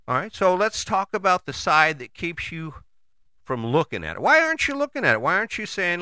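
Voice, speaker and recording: A man giving a casual motivational talk, conversational and animated, with frequent rhetorical questions and the odd curse word. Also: sits high, fairly quick, smooth, no echo, clean studio sound. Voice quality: casual, swears freely. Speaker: motivational host. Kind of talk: motivational monologue.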